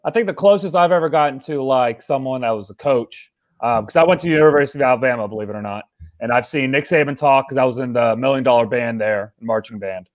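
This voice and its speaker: A man's voice: medium pitch, fast talker, no echo. A young man chatting casually on a sports talk show, rambling with lots of fillers. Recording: dry, dull lo-fi sound.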